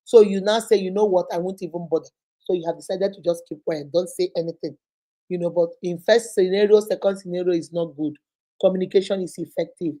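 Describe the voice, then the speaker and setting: Hosting an animated, casual advice session on relationship questions, a lively Nigerian woman speaks fairly quickly in a mellow, fairly low-pitched voice. Her storytelling is spirited, full of acted-out quoted voices and frequent laughter.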